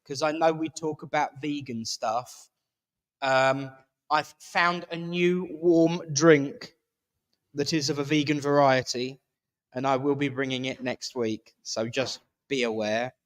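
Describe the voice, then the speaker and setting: A man's voice: medium pitch, steady tone, takes it slowly. A man hosting a church service in a village hall, making jokey announcements and leading a closing prayer. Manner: chatty, self-mocking, playful. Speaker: service leader and host.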